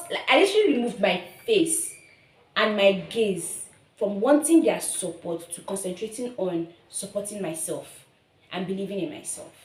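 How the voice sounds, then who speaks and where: A young woman in her twenties with a Nigerian accent, sharing a personal testimony on her vlog in an earnest, emotional way, often repeating herself. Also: mid-range voice. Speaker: vlogger. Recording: roomy echo.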